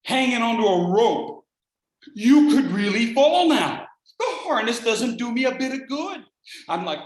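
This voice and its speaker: A speech contest speaker telling a dramatic personal story, acting out scenes and swinging between hushed lines and shouts. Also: mid-range voice, a little slow. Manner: animated, acts out scenes, shifts from hushed to shouting. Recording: roomy echo.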